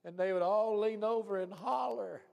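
A man pastor preaching a folksy, animated sermon, swinging from hushed asides to shouts. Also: sits high, normal speed, gravelly. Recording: long hall reverb.

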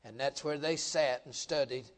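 Folksy preacher, joking and emphatic. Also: male voice, mid-range voice, normal speed. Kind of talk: folksy revival sermon.

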